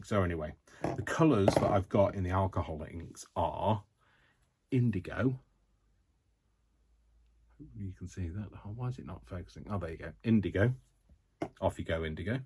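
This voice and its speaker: A man's voice: deep voice, slightly rough. A man hosting a casual craft haul vlog, talking to camera in a chatty, rambling way with many ums and self-mocking jokes. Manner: jokey, self-mocking humour. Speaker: craft vlogger.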